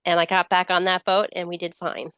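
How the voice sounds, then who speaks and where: The sound is lo-fi but clean-toned with no room sound as a middle-aged woman author, a guest with a slight cold, recounts stories in a casual interview. Fairly low-pitched and brisk, she brings quoted dialogue to life.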